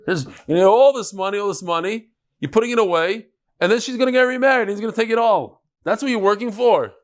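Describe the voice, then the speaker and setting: Animated man teaching a Talmud class. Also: high voice, fast. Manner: lively, chatty lecturing mixing Hebrew and Yiddish terms.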